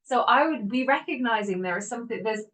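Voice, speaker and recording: Animated woman host, somewhat distant mic. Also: fairly high pitch, fast talker. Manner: animated, laughs often, acts out inner voices. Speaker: podcast host. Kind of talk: motivational self-help talk.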